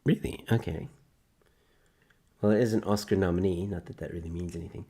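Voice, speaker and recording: Low-voiced man rambling on a live stream. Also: steady tone, brisk, long pauses, darkish tone. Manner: rambling, jokey and sarcastic, reading film synopses aloud. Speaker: host. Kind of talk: casual live-stream chat.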